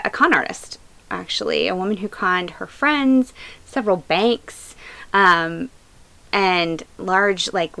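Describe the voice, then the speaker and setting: Bright-toned woman hosting a chatty podcast. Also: mid-range voice, vocal fry, poor audio. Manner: chatty, filler-heavy storytelling. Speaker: podcast host. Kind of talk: casual true-crime podcast chat.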